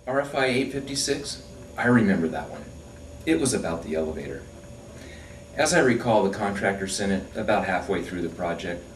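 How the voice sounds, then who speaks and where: A man's voice: low voice, expressive, a little fast, slight background noise. Indignant man in a roomy space. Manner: indignant, defensive. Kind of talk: scripted comic monologue. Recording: roomy, distant mic, faint ambience.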